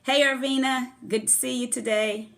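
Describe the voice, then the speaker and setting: A woman's voice: on the high side, steady tone, moderate pace, creaky, a bit bright. A middle-aged woman and former therapist hosting a live-streamed motivational talk, effusively greeting viewers by name before her topic. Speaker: host of a motivational livestream. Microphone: phone camera.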